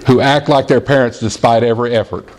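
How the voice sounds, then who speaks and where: A man of middling pitch preaches to his congregation. He tells stories in an earnest, steady way and sometimes jumps to a high child's voice when quoting a little boy. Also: quick pace, a little hiss or hum. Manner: storytelling, plain earnest preaching. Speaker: pastor. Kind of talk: sermon. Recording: audio-only church sermon recording.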